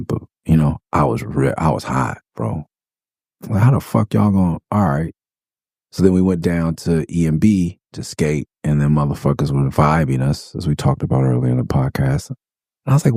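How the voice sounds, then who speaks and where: A man's voice: sits low, expressive, brisk, vocal fry, dark tone, no room sound, studio quality. A middle-aged man hosting a podcast, telling stories in a loose, profane, casual way and acting out quotes. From Los Angeles. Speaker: podcast host. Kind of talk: casual storytelling monologue.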